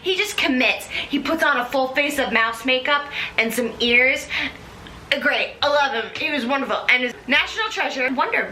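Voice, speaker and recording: A woman with a high, piercingly bright voice hosts a casual chat. She gushes and rambles excitably, piling on fillers as she goes. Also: normal speed, echoey room, a little hiss or hum. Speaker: host. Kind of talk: casual recap talk.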